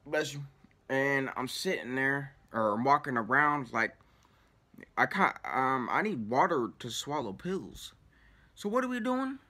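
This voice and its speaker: A man's voice: mid-range voice, animated, a little slow, bright, forceful tone. A man telling a story casually, in rambling, profanity-heavy slang. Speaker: vlogger.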